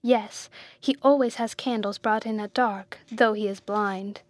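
A woman voicing a quiet, matter-of-fact female servant in an audiobook. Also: medium pitch, steady tone, a little slow, dry recording, natural voice.

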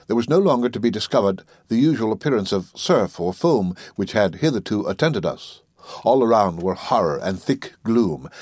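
A man with a fairly low voice reads an old literary tale aloud, measured and solemn in his delivery. The sound is dry and close, with no room around it. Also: a little mellow, dry recording. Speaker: narrator. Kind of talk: audiobook reading of classic literature.

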